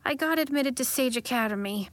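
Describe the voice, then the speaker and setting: A woman's voice: high-pitched, fairly quick, no echo, natural voice. A woman voicing a young schoolgirl who mumbles glumly in a storybook reading. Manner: mumbling, downcast. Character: young schoolgirl, glum and reluctant.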